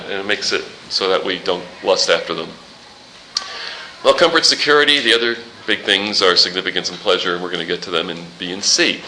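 Male pastor, animated and jokey sermon delivery, bright tone, roomy reverb. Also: lowish voice, fast, a little hiss or hum. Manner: animated, jokey preaching with rhetorical questions.

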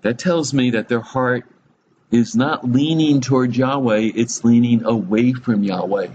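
A man's voice: mid-range voice, a little slow, a little mellow, lo-fi sound, slight background noise. A man giving a conversational Bible teaching, chuckling often, adding humorous asides and asking his listeners direct questions.

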